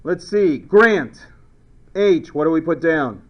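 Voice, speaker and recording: Animated, playful male chemistry teacher. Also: a little high, slow. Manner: animated, playful, shouts silly mnemonics. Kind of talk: classroom lecture. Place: classroom. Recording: dull lo-fi classroom recording.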